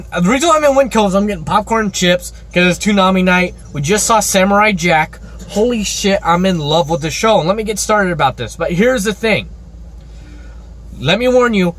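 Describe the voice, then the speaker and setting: A man giving a casual, rambling vlog review with excitable, profane energy. He records himself in an outdoor store parking lot on a handheld phone. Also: high-pitched. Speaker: show reviewer.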